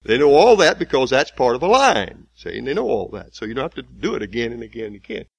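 A man preaching a sermon in a folksy way, building to loud, emphatic, slowly repeated lines. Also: mid-range voice, sing-song, creaky, breathy edge, no room sound.

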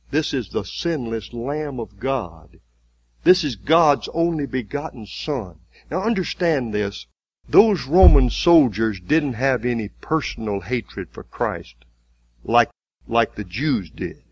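A man preaching a sermon, retelling a story vividly with halting restarts. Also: mid-range voice, lively intonation, slightly rough.

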